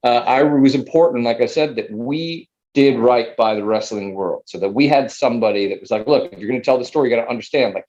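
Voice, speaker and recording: A man's voice: medium pitch, a little mellow, highs cut off. A man producing a theater show, talking with eager enthusiasm in a casual interview, full of fillers like "man" and "like.".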